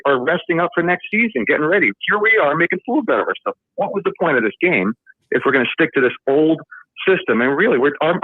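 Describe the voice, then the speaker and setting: A man's voice: fairly high pitch, no echo. Agitated male caller on a phone line. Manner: frustrated, emotional rant. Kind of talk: call-in sports talk.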